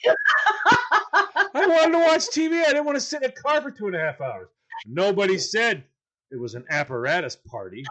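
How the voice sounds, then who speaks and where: A man's voice: high voice, moderate pace, pauses often. A man co-hosting a casual chat show, telling a comic story and acting out the other people in it. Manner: animated, acts out quoted voices. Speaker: podcast co-host.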